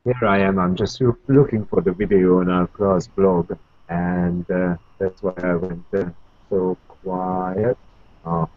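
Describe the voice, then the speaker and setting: A male teacher rambles casually with many fillers as he recounts something. His voice is very low and reaches us through a thin, phone-like line. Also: no echo. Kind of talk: casual discussion.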